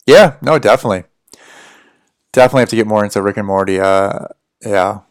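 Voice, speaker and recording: A man's voice: on the low side, fast talker, no echo, studio quality. A man from the United States with a general American accent, rambling casually as he chats to viewers on a livestream. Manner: rambling, chatty, answers viewer questions. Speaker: livestream host.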